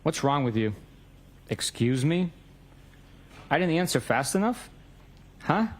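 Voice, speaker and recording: A man's voice: fairly high pitch, big pitch swings, slow pace. A man in a courtroom reading out both sides of a text message exchange, stating the date and time of each message.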